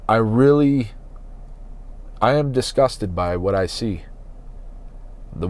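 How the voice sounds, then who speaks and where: A man hosting a solo podcast from inside his parked van, talking slowly and earnestly as he searches his soul. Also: on the low side, a little mellow. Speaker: podcast host.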